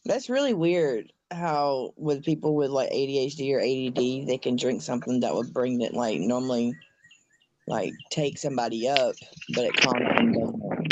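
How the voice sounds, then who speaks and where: A man's voice: mid-range voice, a little hiss or hum, rough recording. A man chatting casually on a livestream, having just woken up, rambling loosely. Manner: loose rambling talk, drawn-out pauses.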